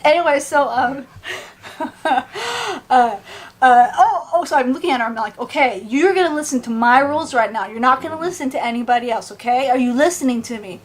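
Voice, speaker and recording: A woman tells a story straight to her camera, her voice pitched high. She gets animated and throws her voice up to play the people she met. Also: brisk. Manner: animated, acts out bystanders in raised voices. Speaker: vlogger. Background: dog at home.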